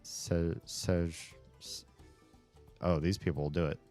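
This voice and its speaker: A man with a very low voice chats casually on a livestream. He is animated, laughs often and swears when frustrated. Soft music plays faintly in the background. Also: slow pace. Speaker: streamer.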